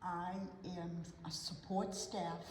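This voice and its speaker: Sweet older lady, soft-spoken housekeeper, long echo in the room, faint hiss. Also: on the low side, flat delivery, slow pace. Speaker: parish housekeeper guest. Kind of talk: casual interview. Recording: echoey room, mic at a distance.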